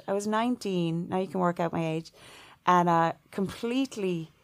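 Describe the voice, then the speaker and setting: A woman's voice: lowish voice, normal speed. A middle-aged woman from Ireland, a composer, telling stories in an interview and acting out quoted voices. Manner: animated, acts out quoted voices with laughs. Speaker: composer guest. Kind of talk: storytelling interview answer.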